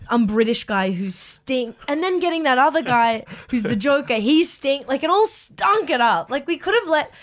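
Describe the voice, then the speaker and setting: Woman co-host, fairly high voice, animated and blunt, swears freely. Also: moderate pace. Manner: animated, swears and reacts loudly. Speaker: podcast co-host. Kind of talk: casual gossip chat.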